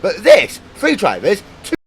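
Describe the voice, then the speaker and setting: A man doing live sim racing commentary, brisk and jokey, on a headset mic. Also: high-pitched, huge pitch swings, slight background noise. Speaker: race commentator.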